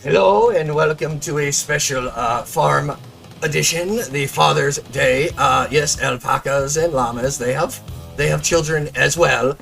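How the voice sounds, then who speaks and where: A man's voice: fairly high pitch, measured pace, vocal fry, a bit bright, faint music behind. A man hosting a casual gameplay review, chatty and explaining as he goes. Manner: chatty, explains with stops and restarts. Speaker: host, game reviewer.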